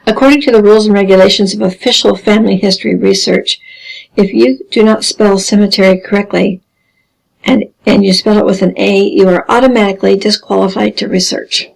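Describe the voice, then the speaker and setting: A woman teaching a genealogy lesson, explaining carefully with dry deadpan humor. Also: mid-range voice, brisk, creaky, low-quality recording. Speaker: genealogy instructor. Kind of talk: recorded lesson over slides.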